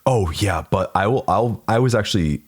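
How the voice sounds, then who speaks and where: A man with a fairly low voice co-hosts a comedy podcast. His delivery is lively and full of pitch swings, and he reads fan fiction aloud with dry, laughing asides. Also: moderate pace. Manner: dry, laughing commentary while reading aloud. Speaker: podcast co-host. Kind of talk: casual chat and comic reading of fan fiction.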